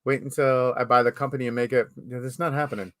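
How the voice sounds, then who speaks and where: Live-show host, male, mid-pitched, chatty and easygoing, laughs often. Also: fairly even intonation, fast talker. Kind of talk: casual live-stream chat.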